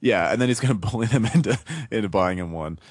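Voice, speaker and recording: Deep-voiced man talking books. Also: quick pace, husky, no room sound, studio quality. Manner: thinks aloud, analytical. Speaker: podcast co-host. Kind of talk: casual book discussion.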